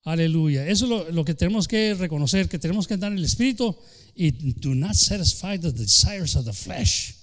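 Fervent pastor preaching, voice rising and falling. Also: male voice, on the high side, expressive, quick pace. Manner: fervent preaching with sudden shifts from loud to soft; acts out quoted voices, including the devil. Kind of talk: bilingual sermon.

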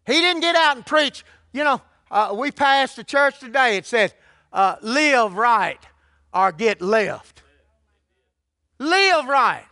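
A man's voice: extremely high pitch, sharp tone, no room sound, clean studio sound. An older man preaching a sermon, telling his testimony in a folksy, colloquial way. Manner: folksy storytelling with colloquial grammar.

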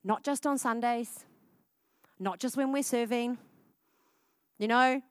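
A woman, preaching a casual, energetic sermon at church. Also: fairly high pitch, slow, smooth, no echo. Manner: casual and energetic, with frequent "like" fillers.

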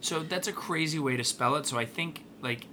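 A man's voice: a little high, brisk, sharp tone, a little hiss or hum. A man co-hosting a casual podcast, joking and swearing as he gives parenting tips. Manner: wry, profane, joking. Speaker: podcast co-host.

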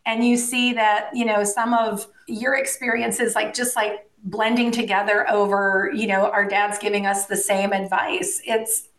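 A woman guest telling stories in a casual interview, animated, laughing often and acting out the voices of people she quotes. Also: medium pitch, unhurried, hardly any pauses. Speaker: guest, industry co-founder. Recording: roomy echo.

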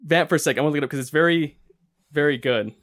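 A man's voice: fairly high pitch, a bit bright. A man co-hosting a casual movie review podcast, retelling scenes and acting out the characters' lines. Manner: retells scenes acting out quotes in quick bursts. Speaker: podcast co-host.

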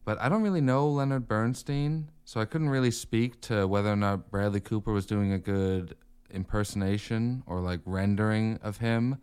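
Podcast guy, kinda low smooth voice, wry and laid back, chuckles a lot. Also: normal speed, a little mellow. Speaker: podcast co-host. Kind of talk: casual movie review chat.

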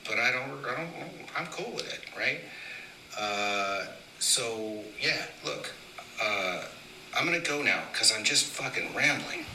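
A man's voice: medium pitch, animated, unhurried, sharp tone. A man leaving a rambling, casual voicemail, swearing freely as he talks. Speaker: voicemail caller. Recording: distant roomy voicemail with faint noise.

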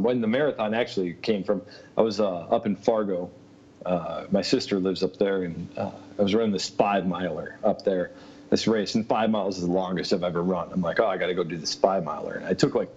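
A man's voice: lowish voice, darkish tone. A man tells a long personal story in an easy, rambling way. He laughs often and fills his talk with ums and you-knows. The recording sounds muffled and lo-fi. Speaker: interview guest. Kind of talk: casual storytelling.

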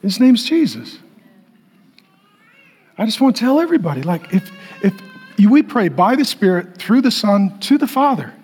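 A man preaching a sermon to a congregation, animated, with playful asides and sudden loud bursts. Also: high voice, a little fast, breathy edge. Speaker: pastor.

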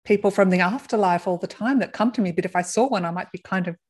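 A woman hosting an interview, asking gentle questions and encouraging her guest. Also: medium pitch, quick pace, slightly rough. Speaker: interview host. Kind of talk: casual interview.

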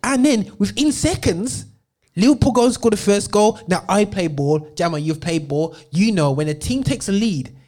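A man co-hosting a casual show argues heatedly about football. His voice sits fairly high, and he often stumbles over restarts as he gets worked up. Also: normal speed. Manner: excitable, argumentative, stammering restarts. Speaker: co-host.

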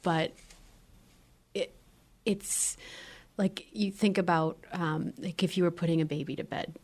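A yoga teacher chatting casually, laughing often and now and then dropping to a whisper. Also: female voice, on the low side, fairly even intonation, measured pace, a little mellow. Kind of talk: casual chat.

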